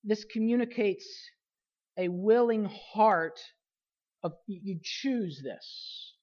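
A woman pastor delivers a sermon at a middle pitch, pressing on key phrases and repeating them. Her phrases often trail down and soften at the ends. The recording is a little dull and lo-fi. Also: slow pace.

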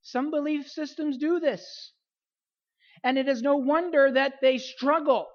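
A woman pastor preaching a sermon, repeating key phrases for emphasis and letting her voice fall softly at the end of phrases. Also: high voice, steady tone, a little slow, muffled recording.

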